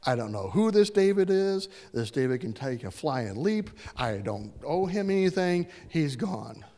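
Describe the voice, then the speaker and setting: A man's voice: fairly high pitch, very animated, a little slow, warm tone, long reverb tail. A man voicing a humble, polite servant who speaks hesitantly and casually.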